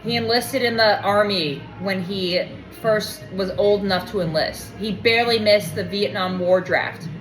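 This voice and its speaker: A woman's voice: mid-range voice, unhurried, few pauses, soft background music. Rambling woman telling a story in a roomy space. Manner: rambling, digressive, acts out quoted dialogue. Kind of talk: casual storytelling monologue. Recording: roomy echo.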